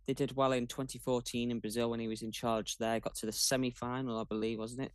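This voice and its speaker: A man talking football as a guest on a casual chat show, measured and thoughtful. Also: medium pitch, flat delivery, clean tone, no echo. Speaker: guest pundit.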